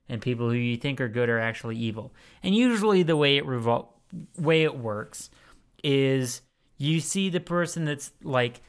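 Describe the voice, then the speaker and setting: A man's voice: medium pitch, fairly bright tone. A man co-hosting a podcast, talking through a movie in a rambling, jokey way with crude asides. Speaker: podcast co-host. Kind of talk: casual movie-review chat.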